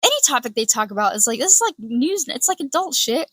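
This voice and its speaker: A woman's voice: a little high, big pitch swings, fast, fairly bright tone, breathy edge, no echo. A woman giving a profane, sarcastic reaction commentary, swearing often and mocking others in put-on voices.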